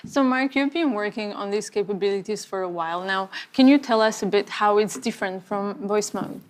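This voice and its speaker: Woman host, clear and steady, mid-range voice. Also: mid-range voice, brisk. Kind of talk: presenting a live demo.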